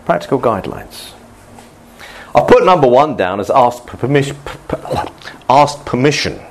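A male pastor giving a relaxed, good-humoured sermon to his congregation, often laughing and restarting his sentences. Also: medium pitch, normal speed.

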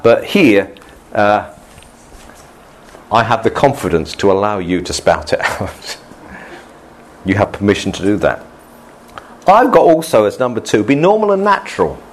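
A male pastor giving a relaxed, good-humoured sermon to his congregation, often laughing and restarting his sentences. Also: mid-range voice.

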